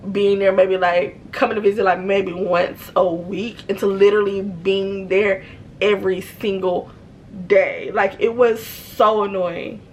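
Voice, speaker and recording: A young woman talks straight to her viewers, telling a personal story in a relaxed, chatty way full of "like." Her mid-pitched voice has a gravelly, creaky texture, and there is a faint hiss in the background. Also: rough recording. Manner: chatty, slangy, many fillers. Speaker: storytime vlogger. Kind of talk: casual storytelling.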